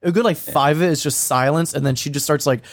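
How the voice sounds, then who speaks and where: A man's voice: a little high, fast, no room sound. A man co-hosting a podcast, eagerly sharing a theory in casual chat and laughing often. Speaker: podcast co-host.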